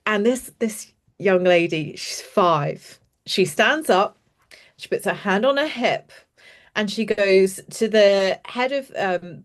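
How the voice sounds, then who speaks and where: A woman, a youth participation practitioner, telling stories chattily and enthusiastically on a video call. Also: lowish voice. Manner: enthusiastic, chatty, trails off and restarts often. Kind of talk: animated storytelling in an online panel.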